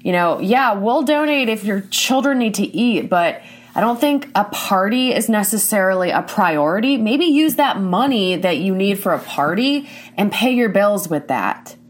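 A woman's voice: medium pitch, expressive, normal speed. A woman hosting a commentary show, ranting bluntly and indignantly, swearing often.

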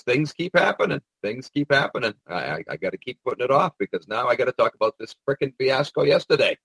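Sarcastic man with a husky, lively voice. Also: medium pitch, fairly quick, dry recording, poor audio. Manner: sarcastic, mocking asides; rambling with frequent hesitations. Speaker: commentator. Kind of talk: casual monologue commentary.

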